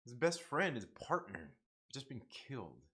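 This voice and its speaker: A young man hosting a casual livestream review, excitable, repeating himself and swearing often. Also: mid-range voice, unhurried. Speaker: YouTube show host reviewing TV episodes.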